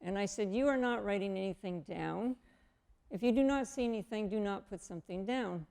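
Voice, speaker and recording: Gravelly-voiced woman telling her story. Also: medium pitch, brisk. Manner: animated, acts out quoted dialogue. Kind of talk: personal testimony storytelling.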